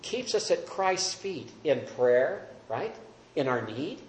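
A man's voice: a little high, big pitch swings, takes it slowly, slight background noise. A man teaching a Bible study class, earnest and emphatic, asking the group questions. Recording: roomy echo.

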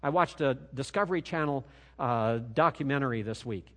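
A man's voice: mid-range voice, a little fast, a bit bright, in a large hall. A man preaching a sermon as pastor, with an emphatic, rising and falling cadence.

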